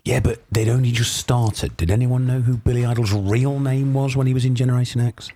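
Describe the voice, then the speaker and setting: A man hosting a late-night radio show, quick-witted and punning, laughing often as he jokes with his guests. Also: mid-range voice, fairly even intonation, dark tone. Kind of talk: joking radio banter.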